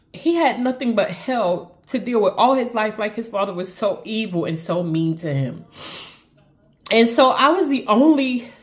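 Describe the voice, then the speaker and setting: Earnest woman telling a personal story. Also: a little high. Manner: earnest, talks straight to viewers with "y'all". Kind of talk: emotional storytime monologue.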